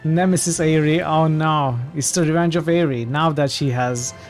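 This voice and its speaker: A man's voice: on the high side, fairly even intonation, moderate pace, soft background music. A man streaming a role-playing game, casually commenting and reading the game's dialogue aloud with jokey asides.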